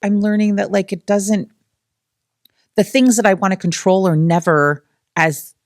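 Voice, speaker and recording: A woman co-hosting a podcast, talking casually and haltingly with many fillers. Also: medium pitch, steady tone, no room sound, clean studio sound. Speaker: podcast co-host. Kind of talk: casual conversation.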